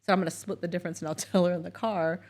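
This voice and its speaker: A middle-aged woman co-hosting a casual chat show, telling a family story in an animated way and acting out the voices with laughs. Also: fairly low pitch, very fast. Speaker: co-host, mother of the other host.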